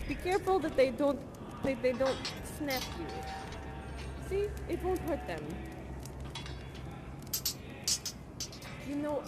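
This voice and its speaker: A quirky acting teacher. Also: female voice, sits high. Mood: upbeat, instructive. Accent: non-American. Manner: chatty, rambling, animated. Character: eccentric woman acting teacher, earnest and whimsical. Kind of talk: improvised live theatre performance.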